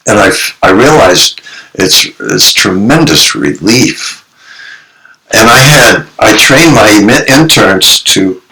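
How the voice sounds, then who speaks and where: A man who is a psychologist and author, a podcast guest telling his stories in an animated way and acting out the quotes. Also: fairly low pitch, rough recording. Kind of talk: storytelling interview.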